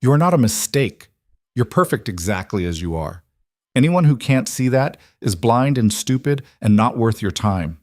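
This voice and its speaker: A man voicing a tender, weary widowed mother in a western story, speaking softly. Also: mid-range voice, expressive, moderate pace, no room sound, studio quality, close to an everyday voice. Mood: fierce.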